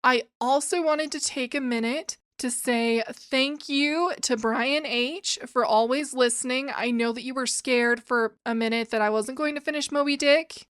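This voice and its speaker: A woman's voice: high-pitched, a bit bright, clean tone, dry recording, clean studio sound. A woman hosting a casual literature podcast, chatty and prone to asides and restarts. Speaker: podcast host. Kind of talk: casual podcast chat about classic literature. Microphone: new microphones.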